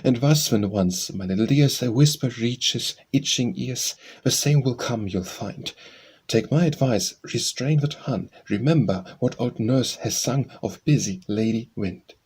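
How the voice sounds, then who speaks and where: A man's voice: medium pitch, a little slow, a little mellow, husky. A man reading nursery rhymes aloud as an audiobook, in a sing-song, rhythmic recitation. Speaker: audiobook reader.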